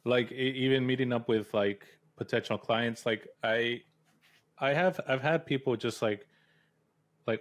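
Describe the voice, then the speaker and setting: A man hosting an interview, chatting casually in a relaxed, rambling way with lots of filler words. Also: mid-range voice, unhurried. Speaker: host interviewer.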